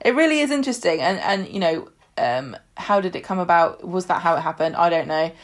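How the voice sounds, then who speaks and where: A woman's voice: fairly low pitch, animated, fairly quick. A woman co-hosting a podcast, chatting casually, often restarting and searching for words. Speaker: podcast co-host. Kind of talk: casual chat about a TV soap.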